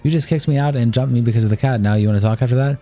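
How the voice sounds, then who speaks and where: A man on a live stream, reading a long document of text messages aloud in a rapid, flat run. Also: mid-range voice, faint music behind.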